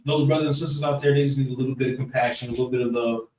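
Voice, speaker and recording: A man's voice: mid-range voice, fairly even intonation, very fast, a little mellow. A man leading a group lesson in a preaching style, talking casually, repeating phrases and asking the room for agreement. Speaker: class leader. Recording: echoey room, mic far off, faint noise.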